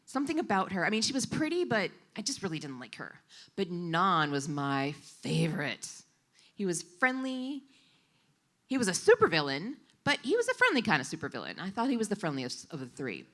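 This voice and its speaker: Animated woman voicing a live story. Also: lowish voice, a little fast. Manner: animated, expressive retelling. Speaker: sign language interpreter voicing a storyteller. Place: coffee shop event stage, live.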